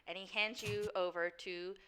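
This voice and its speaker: A woman's voice: mid-range voice, steady tone, normal speed, a bit bright, rough recording. A woman game master narrating a tabletop game and voicing a formal doorman. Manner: formal butler voice for a doorman figure.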